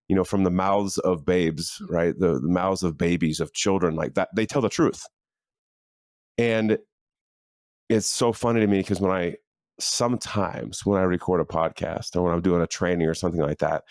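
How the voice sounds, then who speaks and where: A middle-aged man who hosts a podcast and works as a leadership coach delivers a casual motivational monologue in an earnest, conversational way, full of fillers and restarts. His voice is lower pitched and a little mellow. A close, dry studio microphone in a home office picks him up with no room sound.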